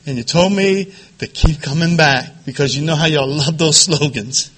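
A middle-aged man from the Philadelphia area with a quivering voice, giving emotional personal testimony at a support group meeting, halting and repeating phrases. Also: fairly high pitch, a bit bright, husky. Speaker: recovery meeting speaker.

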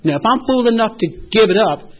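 A man's voice: high voice, lively intonation, fairly quick. An older man speaking at a recovery meeting, giving heartfelt personal testimony with earnest, emotional storytelling. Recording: dull lo-fi recording.

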